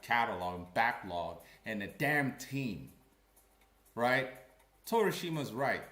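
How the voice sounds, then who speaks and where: A man giving blunt, animated commentary as a comic creator, with slangy asides. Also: mid-range voice. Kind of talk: casual ranting commentary. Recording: echoey room.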